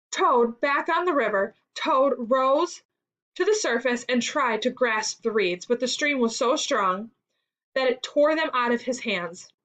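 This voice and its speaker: Woman reading a children's classic aloud with expressive storytelling, muffled sound. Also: high voice. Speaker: story reader in a school reading lesson. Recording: dull lo-fi recording.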